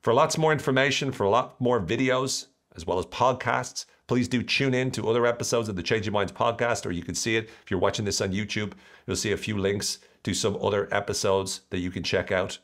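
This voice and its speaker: A man, hosting a solo podcast in a lively, jokey way with mocking asides. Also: lowish voice, a little fast, few pauses. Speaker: podcast host.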